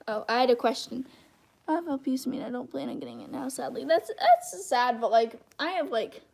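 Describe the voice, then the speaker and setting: A woman's voice: on the high side, creaky. A woman hosting a casual livestream, rambling and thinking aloud while she draws, with many restarts. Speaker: channel host.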